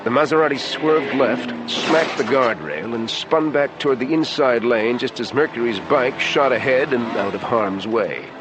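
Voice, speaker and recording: A man's voice: medium pitch, animated, normal speed, hardly any pauses, noisy background. A man reading a thriller audiobook in a taut, dramatic storytelling manner. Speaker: audiobook narrator. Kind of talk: scripted thriller narration.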